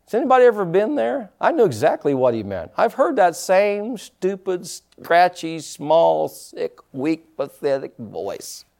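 A pastor delivering a sermon, preaching emphatically and breaking into dramatic shouts. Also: male voice, high voice, very animated, measured pace, gravelly.

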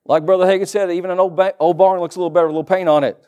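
A man's voice: high voice, steady tone, racing, a little mellow. A middle-aged man preaching a sermon as pastor, folksy and joking asides to the congregation.

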